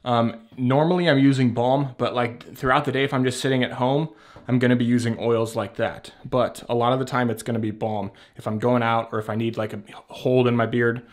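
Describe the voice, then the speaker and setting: Casual male vlogger, mid-pitched and unpolished, rambling chattily into a handheld camera. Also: level tone, fairly quick. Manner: rambling, chatty, swears casually, laughs often. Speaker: beard care vlogger. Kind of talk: casual product show-and-tell. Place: at home by a shelf. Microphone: handheld camera at arm's length.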